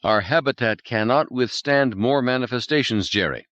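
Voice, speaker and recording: A man voicing a calm, insistent psychologist. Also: mid-range voice, normal speed, no echo, pitched above the performer's own voice, lightly acted. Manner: earnest and insistent. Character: calm, persistent male psychologist.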